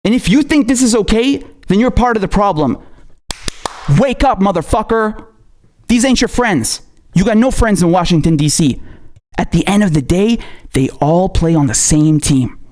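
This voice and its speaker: A man's voice: high voice, lively intonation, normal speed, darkish tone. A male political commentator ranting angrily, swearing often and firing off rhetorical questions. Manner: angry, profane, hammering rhetorical questions.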